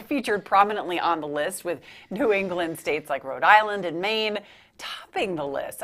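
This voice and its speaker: A woman from New Jersey chatting casually as a morning show co-host, chiming in with quick reactions. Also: medium pitch, a bit bright. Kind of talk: casual studio banter.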